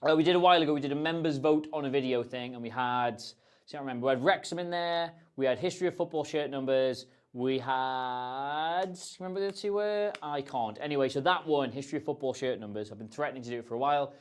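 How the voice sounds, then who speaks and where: A man's voice: medium pitch, fast talker, clear, resonant tone. A man hosting a casual livestream, answering viewer questions in a chatty, rambling, self-deprecating way. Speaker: host.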